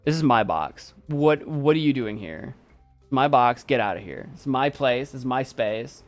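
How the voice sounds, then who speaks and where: A man doing a grumpy territorial cat, low and curt. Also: lively intonation, measured pace, faint music behind, natural voice. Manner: grumbling, possessive, curt.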